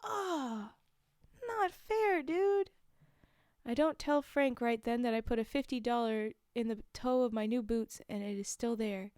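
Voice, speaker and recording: A woman reads a story aloud on a live stream, her voice fairly high, smooth and clear. She is close to the mic in a dry space. She pauses now and then for chatty, amused remarks. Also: steady tone, a little mellow, no echo. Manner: reads the text plainly and breaks off for chatty, amused asides. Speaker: streamer reading a book aloud. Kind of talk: casual live-stream book reading with asides.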